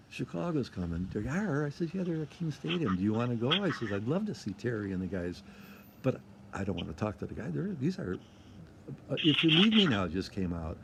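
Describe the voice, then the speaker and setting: With a gravelly, medium-pitched voice on a very noisy recording, an older man from Michigan spins rambling stories as an interview guest. He goes over things more than once and mimics what people told him.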